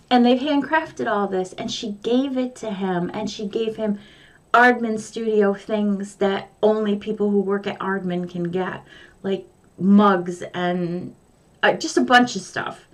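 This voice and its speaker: An older woman with grown children and a grandson, telling a rambling story to her viewers in casual, chatty vlog talk. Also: mid-range voice. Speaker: vlogger.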